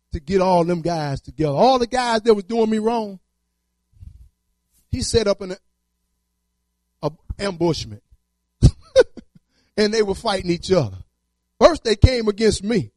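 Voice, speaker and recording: A man's voice: high-pitched, a little mellow, dry recording. A man telling his testimony in church, storytelling with fervor and colloquial speech. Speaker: testimony speaker.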